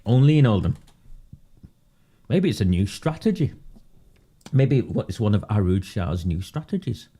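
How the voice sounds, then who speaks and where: Sarcastic man, low mellow voice. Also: sing-song, normal speed, pauses often, slightly rough. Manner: sarcastic and mocking, breaks into laughter. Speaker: livestream commentator on local politics. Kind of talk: casual live commentary.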